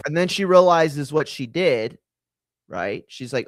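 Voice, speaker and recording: A man hosting a casual reaction commentary, talking in an animated, profane and rambling way, often restarting his sentences. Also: on the high side, fairly quick, no room sound. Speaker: host.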